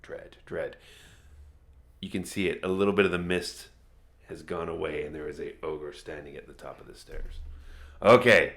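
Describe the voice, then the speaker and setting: A man narrating a tabletop game as game master, chatty, laughing easily and slowing down for dramatic moments. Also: low-pitched, vocal fry, fairly bright tone.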